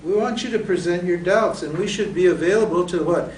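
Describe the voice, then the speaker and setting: In a brisk, high-pitched voice, a man teaches spiritual texts to students as a Vedanta teacher, raising rhetorical questions only to answer them. The lecture carries a roomy echo from a far-off mic and a little hiss or hum.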